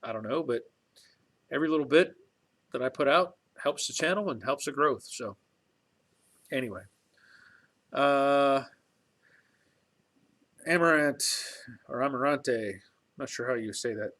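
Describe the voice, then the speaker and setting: A man's voice: mid-range voice, moderate pace, pauses often, fairly bright tone. A middle-aged man hosting a casual live stream from his home garage workshop, rambling in a folksy way with chuckles and restarts. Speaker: channel host on a live stream.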